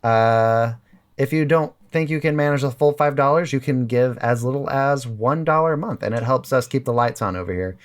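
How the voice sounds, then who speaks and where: A man co-hosting a casual comedy podcast, pitching ideas quickly and playfully. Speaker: podcast co-host.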